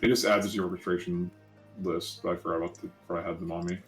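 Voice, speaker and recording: A man's voice: sits low, little pitch movement, racing, soft background music, low-quality recording. A man co-hosting a let's play with a slight lisp, chatting casually, rambling and correcting himself as he goes. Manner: rambling, self-correcting, joking. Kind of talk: casual gaming chat.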